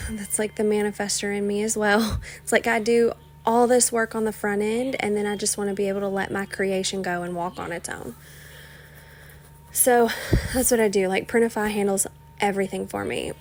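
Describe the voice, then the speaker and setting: A young woman hosting a casual solo podcast, rambling with lots of "like" and "you know", sometimes dropping into soft whispery asides. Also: medium pitch, slight background noise. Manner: rambling, chatty, many "like" and "you know" fillers. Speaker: podcast host.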